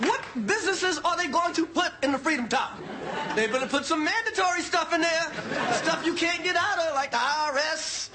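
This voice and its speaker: A man doing a stand-up monologue on a TV studio stage, loud and repeating his punchlines. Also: very high voice, heavy background noise. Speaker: stand-up comedian. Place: TV studio stage with live audience. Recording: live show with loud crowd laughter. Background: audience laughing and cheering.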